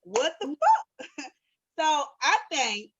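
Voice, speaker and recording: A woman's voice: sits high, drawn-out words, highs cut off. Blunt, profane woman podcast co-host. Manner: blunt, profane, animated storytelling. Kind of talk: casual chat.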